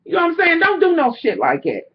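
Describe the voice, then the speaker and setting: A woman telling a story to camera in casual vlog chat, loud and animated, with a lot of cursing and slang. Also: very high voice, fast, a little hiss or hum. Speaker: vlogger. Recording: slightly dull lo-fi home recording.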